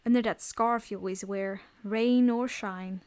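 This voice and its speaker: Woman reading as a patient calm older man. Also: mid-range voice, a little slow, close to an everyday voice.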